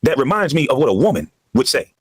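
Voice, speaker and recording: A former basketball player in a heated podcast monologue, ranting with emphatic repetition. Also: male voice, mid-range voice, big pitch swings, fast, husky, no room sound.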